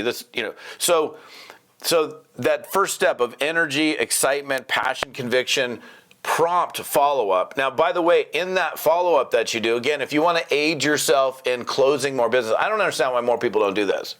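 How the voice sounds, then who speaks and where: A middle-aged man coaching network marketers in an energetic, casual talk, quickly acting out bits of phone dialogue with prospects. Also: medium pitch. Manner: fast, animated, acts out quick prospect dialogues.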